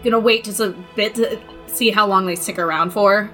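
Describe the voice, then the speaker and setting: A woman's voice: medium pitch, fairly even intonation, moderate pace, fairly bright tone. A woman speaking casually and a little hesitantly as a player in a tabletop game, over faint music.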